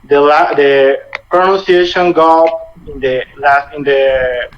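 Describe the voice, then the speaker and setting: A young man in his twenties teaches a lesson over a video call. His voice sits a bit high and he talks haltingly, restarting and rephrasing as he goes. The muffled call audio carries a faint hiss. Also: steady tone. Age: 20s. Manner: halting, repeats and rephrases while explaining. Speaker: Spanish teacher. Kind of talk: online language lesson.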